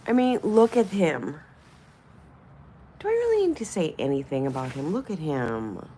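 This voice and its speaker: Chatty, gravelly woman streamer, coos and swears. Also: medium pitch, huge pitch swings, normal speed, mellow, slight background noise. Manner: chatty, swears casually, coos at objects, drops into whispers. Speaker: livestream host. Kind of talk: casual livestream chat.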